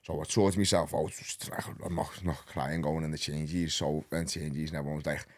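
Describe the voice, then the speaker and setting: A man in his thirties with a Liverpool accent, a podcast guest telling his story in a rambling, animated, slang-heavy way. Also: rumbling low, moderate pace, few pauses. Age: 30s. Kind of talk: casual storytelling.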